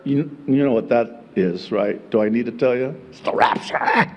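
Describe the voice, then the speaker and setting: A middle-aged male pastor preaching a sermon, moving between quiet teaching and loud emphatic exclamation, with folksy asides and chuckles. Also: mid-range voice, moderate pace, in a large hall, muffled recording, background noise.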